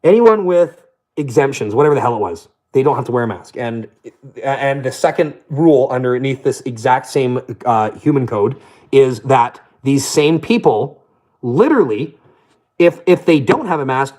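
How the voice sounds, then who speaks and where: A man's voice: medium pitch, expressive, a little fast, darkish tone, rough recording. A man delivering a blunt, profane, scornful rant to camera as a vlogger. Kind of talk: profane ranting monologue.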